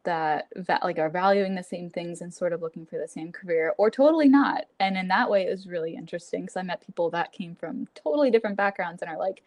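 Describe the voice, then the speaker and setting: This twenty-something graduate student talks fast in a lowish, darkish voice, barely pausing. As a guest on a podcast interview she keeps things casual and upbeat, laughing frequently and filling her speech with "like," and the audio has no echo.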